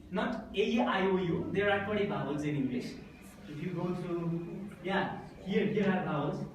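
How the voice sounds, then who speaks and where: A man's voice: high-pitched, slight background noise. A man with a Nepali accent giving a classroom lecture to teachers, explaining patiently and often checking understanding with "okay?" and "right?". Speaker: teacher trainer. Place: school classroom. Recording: echoey room, voice from far off.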